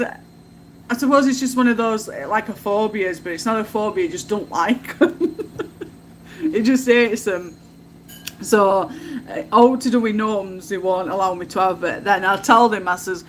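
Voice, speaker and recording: A woman's voice: medium pitch, a little hiss or hum. A woman, hosting a casual livestream at home and telling stories in a chatty way, laughing often. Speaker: livestream host.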